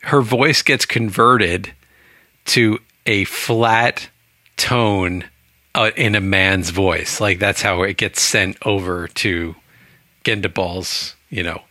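Chatty low-voiced man, bright and dry. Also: fairly even intonation, slow pace, no room sound. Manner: chatty, rambling, laughs often. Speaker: book club podcast co-host. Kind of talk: casual book discussion.

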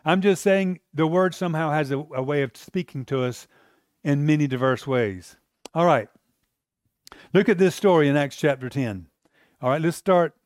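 Conversational pastor preaching. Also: male voice, on the high side, animated, moderate pace, no echo, studio quality. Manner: conversational preaching with restarts, acting out quotes. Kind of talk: sermon.

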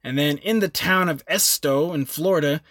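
A relaxed, upbeat podcast host chatting casually and laughing easily. His voice is a touch high and sounds dry and close. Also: normal speed, dry recording. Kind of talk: casual chat.

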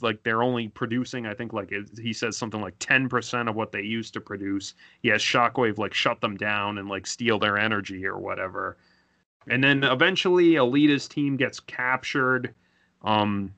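A man's voice: medium pitch, sharp tone, no room sound. A man co-hosting a casual fan podcast, recapping the plot in a rambling way full of filler words. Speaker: podcast co-host.

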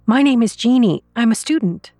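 A frightened but defiant young woman student, played by a female narrator, pushes her lines out in a high, urgent rush. Her voice sits well above a plain speaking register. Soft music hums faintly underneath. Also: lively intonation, normal speed, dry recording, clean studio sound, close to an everyday voice.

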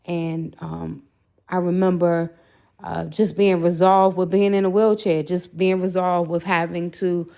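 A woman's voice: fairly low pitch, flat delivery, unhurried, gravelly, mellow, clean tone. A woman sharing a candid personal faith testimony as a podcast guest, earnest and full of "you know" fillers.

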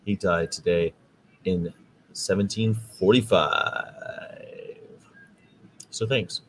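With a low-pitched voice, an American vegan podcast host takes it slowly through a chatty, wandering monologue that becomes preachy about veganism. The recording is low-quality, with a little hiss or hum.

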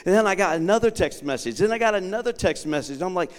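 A man preaching a sermon as a guest bishop, telling a personal story with acted-out dialogue that swings from quiet asides to shouted proclamation. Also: high-pitched, animated, quick pace. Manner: dramatic storytelling, acting out dialogue. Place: church sanctuary. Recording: long reverb of a large sanctuary.

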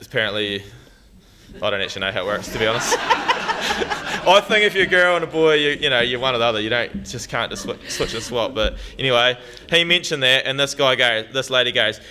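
A man's voice: mid-range voice, big pitch swings, fairly quick, bright, forceful tone, slight background noise. A young man with a New Zealand accent telling a blunt, swearing, laughing story to an audience. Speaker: farmer speaker.

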